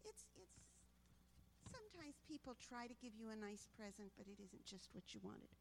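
A woman reading a story to children in an animated way, stopping to ask them questions. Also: on the high side, normal speed, vocal fry, a little hiss or hum.

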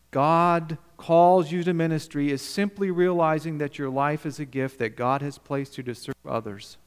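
A male pastor preaching a sermon, emphatic, questioning the congregation and swinging between loud and quiet. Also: on the high side, creaky, big-room sound.

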